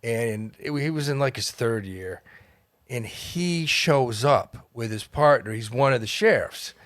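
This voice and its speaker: A man telling a long story as a podcast guest, animated and profane, laughing as he goes. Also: mid-range voice, unhurried, no echo, studio quality. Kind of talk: casual storytelling. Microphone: studio mic.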